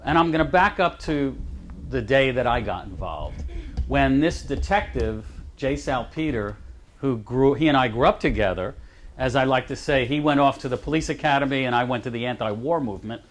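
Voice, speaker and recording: A man's voice: mid-range voice, expressive, normal speed. A man telling anecdotes to a lecture audience in a chatty way, laughing at his own lines. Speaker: advocate speaking at a college lecture. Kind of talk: storytelling talk to an audience. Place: lecture room.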